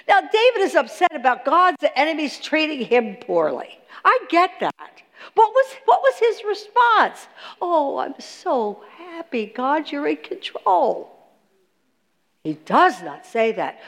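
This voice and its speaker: Animated woman teaching a sermon in a hall. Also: high-pitched. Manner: animated, talks to the audience with questions. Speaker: Bible teacher. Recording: long hall reverb.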